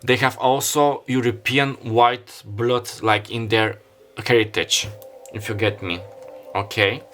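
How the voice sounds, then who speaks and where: A man's voice: medium pitch, fairly even intonation, takes it slowly, fairly bright tone. A man who is not a native English speaker gives a casual tarot reading, rambling and hesitant, often stopping to apologize and correct himself. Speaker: tarot reader.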